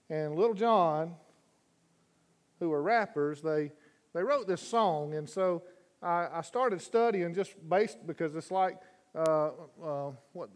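A high-pitched man preaching from the pulpit of a church sanctuary. He talks in a folksy, rambling way, then swells into loud, fervent reading of scripture. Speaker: guest preacher. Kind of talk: sermon.

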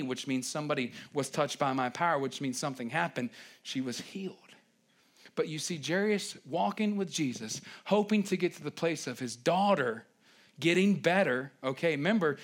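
A man preaching a sermon with a slightly high voice. He talks in an animated, chatty way and turns often to speak to the congregation. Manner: animated, conversational preaching with asides to the audience.

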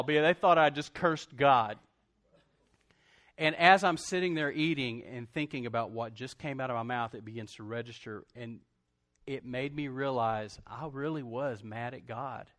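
A man's voice: medium pitch, normal speed, a bit bright. A male pastor, telling a personal story in a sermon and speaking straight to his congregation.

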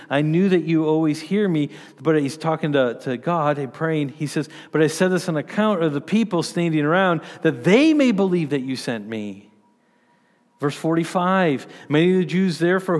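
Earnest preaching man in a reverberant hall. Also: a little high. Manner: earnest preaching with emphatic rises and quiet asides. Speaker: pastor. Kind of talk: sermon.

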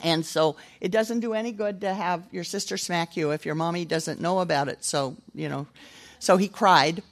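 A woman's voice: fairly low pitch, moderate pace. An older woman giving a chatty, self-deprecating sermon, telling stories and teaching from scripture. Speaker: speaker at a church gathering. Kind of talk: casual storytelling sermon.

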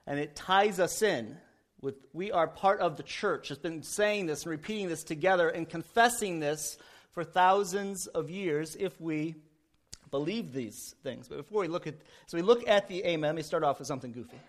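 High-voiced male pastor preaching. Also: normal speed. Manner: folksy, joking storyteller. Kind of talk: sermon.

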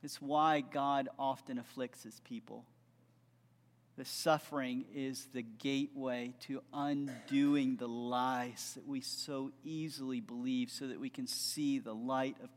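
A man's voice: medium pitch, steady tone, slow pace, big-room sound. A man preaching a sermon, telling a story with earnest conviction and closing in fervent prayer. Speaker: pastor.

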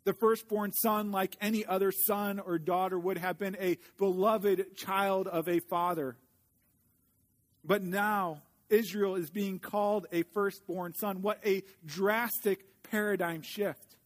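A man preaching a sermon in an earnest way, slowing down when he reads scripture aloud. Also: high voice, steady tone. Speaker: pastor.

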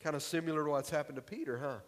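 A man's voice: fairly high pitch, fairly even intonation, racing. A male pastor preaching a sermon in a church hall, in a conversational, emphatic way. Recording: long hall reverb.

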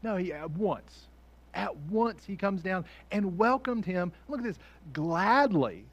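A high-voiced male pastor preaching a sermon. He is animated and jumps between hushed, intimate asides and loud, rising climaxes. He laughs often and acts out the people in his story. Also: slow, lo-fi sound.

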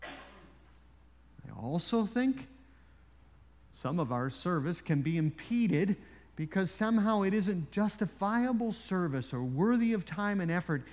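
Man, sermon, lively swooping pitch, reverberant hall. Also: lo-fi sound. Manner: animated storytelling with frequent "you know" asides. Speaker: pastor. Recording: long reverb in a large hall.

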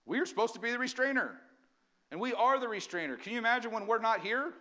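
A man preaching a sermon as pastor, energetic and often asking the congregation questions. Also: very high-pitched, fast talker.

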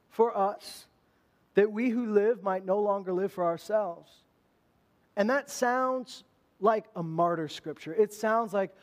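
A man preaching a sermon to his church in a conversational, animated way, with emphatic rises in his voice. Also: sits high. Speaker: pastor.

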